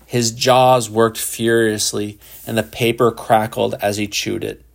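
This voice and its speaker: A man narrating a literary short story in a measured, unhurried reading. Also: on the low side, little pitch movement, vocal fry.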